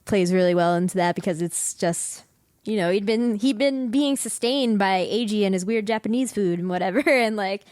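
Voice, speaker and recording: A woman's voice: medium pitch, normal speed, a little mellow, no room sound, studio quality. A woman hosting a podcast, chatting casually, often laughing and acting out lines she quotes. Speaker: podcast host.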